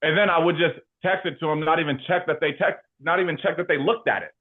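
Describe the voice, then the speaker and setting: A man talking casually as an interview guest about his work, animated and slangy, with lots of fillers. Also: on the high side, fast. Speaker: insurance agency leader and guest. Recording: tinny phone-like line.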